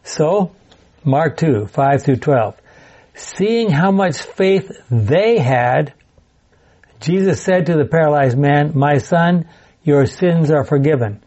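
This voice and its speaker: A man's voice: fairly high pitch, animated, slow pace, dark tone, dull audio. A man leading a Bible study class, chatty and digressive, with laughing asides as he teaches.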